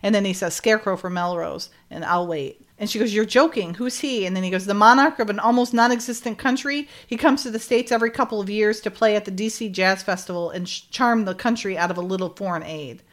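A middle-aged woman chats casually as a co-host, retelling a story with lively energy. She acts out quoted lines and laughs often as she talks. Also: mid-range voice, fast talker, few pauses. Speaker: podcast co-host. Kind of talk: casual recap chat.

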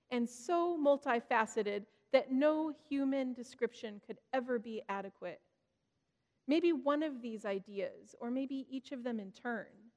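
A woman giving an earnest, reflective devotional sermon, gently stressing key words. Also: high-pitched. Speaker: devotional speaker. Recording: long reverb, hall-like.

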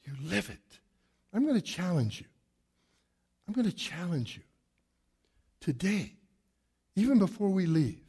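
A pastor with a notably high voice preaches to his congregation. He is emphatic and animated, firing off rhetorical questions and moving around the room as he talks. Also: unhurried, long pauses, breathy edge. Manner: moves around a lot while preaching. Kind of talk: sermon.

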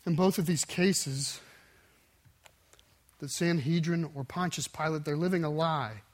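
A man preaching a sermon with intense emphasis, swinging between forceful surges and quiet, dropped endings. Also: fairly high pitch, a little slow. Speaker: pastor.

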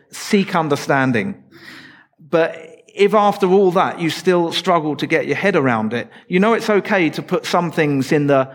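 A man preaching a sermon in a church, explaining scripture in a conversational way with light asides to the congregation. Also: on the high side.

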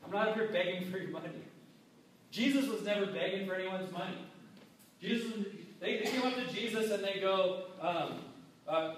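A pastor delivers a sermon in a conversational style, acting out the people he quotes. His voice is high and moderately paced. He's picked up from far off in an echoey hall, with slight background noise.

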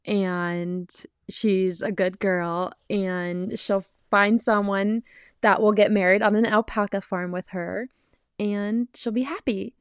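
A young woman co-hosting a podcast, chiming in supportively with quick reactions. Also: mid-range voice, steady tone, clear, resonant tone, no echo. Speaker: podcast co-host. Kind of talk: casual chat.

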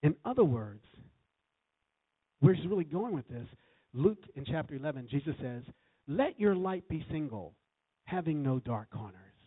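A man's voice: fairly high pitch, big pitch swings, moderate pace, long pauses, husky, no room sound. Man preaching a sermon over a tinny line. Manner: storytelling, quoting scripture with emphatic swells. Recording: tinny phone-like recording.

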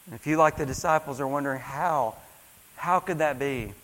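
A man's voice: fairly high pitch, moderate pace, fairly bright tone, in a large hall, rough recording. A male pastor preaching a sermon in a church, emphatic, repeating phrases and calling out for an "amen".

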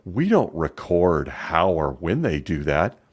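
A man's voice: low-pitched, very animated, takes it slowly, heavily acted. A man putting on the voice of an evasive male church official testifying in court, in a mocking, falsely innocent tone.

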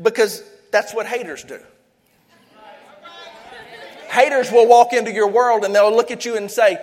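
A man's voice: sits high, unhurried, pauses often, some chatter behind. A man with a South Louisiana accent preaching a sermon as pastor, fervent and leading call-and-response. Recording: echoey hall, long reverb.

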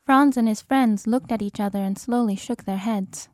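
A woman narrating an audiobook in a measured, expressive way. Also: a little high, no echo, clean studio sound. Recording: narration over film score.

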